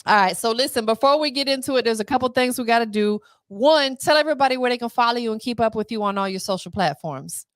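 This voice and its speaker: A woman's voice: on the high side, fast talker, few pauses, no echo, studio quality. A woman hosting a live podcast in a casual, hyped-up, promotional way. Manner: hype, upbeat, promotional. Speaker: podcast host.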